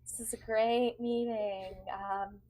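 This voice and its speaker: A woman's voice: on the high side, flat delivery, slow pace, warm tone, rough recording. A woman voicing a tired female ship captain who answers with dry, grudging politeness. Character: weary, dryly sarcastic female ship captain.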